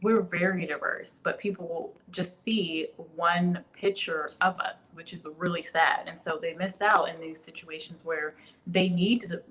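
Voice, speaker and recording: Bright-voiced woman chatting on a livestream. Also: lowish voice, a little hiss or hum, rough recording. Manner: chatty, laughs often, reads viewer comments. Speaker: livestream host. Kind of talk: casual live chat.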